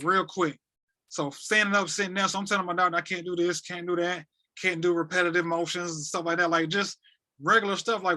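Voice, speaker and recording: A young man from North Carolina, a podcast guest, retelling events in a loose, animated way with plenty of repetition and slang. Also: high voice. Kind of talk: casual storytelling.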